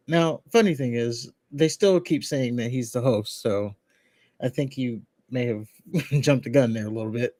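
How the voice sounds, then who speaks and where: A man chatting casually on a podcast, walking through what happened in a wrestling show. He rambles a little and restarts his sentences, his voice sitting at a middling pitch. The sound is close and dry. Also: moderate pace, warm tone, no echo. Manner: rambling recap with laughs and restarts. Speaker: podcast co-host. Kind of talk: casual wrestling recap chat.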